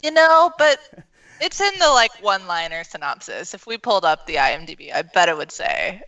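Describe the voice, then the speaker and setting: Bright-voiced woman chatting about movies. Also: on the low side, sing-song, brisk, lo-fi sound. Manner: breezy, chatty, laughing. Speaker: co-host. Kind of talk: casual live-stream movie chat.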